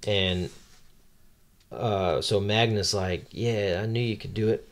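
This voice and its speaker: A man's voice: lowish voice, takes it slowly. A man co-hosting a podcast, casually recapping a manga chapter and reading character lines aloud with many ums. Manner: reads quotes aloud in a lightly acted voice, many ums and uhs. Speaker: podcast co-host.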